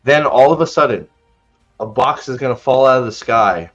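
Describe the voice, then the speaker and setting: A man's voice: medium pitch, expressive, normal speed, fairly bright tone, dull audio, faint music behind. A man hosting a podcast in a casual, sarcastic rant, stumbling over his words as he mock-retells scenes. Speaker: podcast host.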